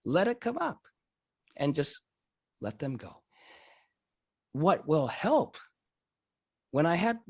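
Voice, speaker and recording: A man telling a personal story in an animated way, often breaking into laughter. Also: on the high side, no room sound, clean studio sound. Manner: lively, animated delivery.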